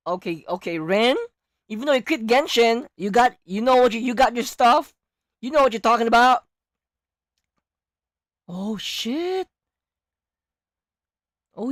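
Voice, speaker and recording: A woman streamer reacting to a game, animated and jokey, sometimes shouting, sometimes hushed, while losing her voice. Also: fairly high pitch, dry recording, clean studio sound.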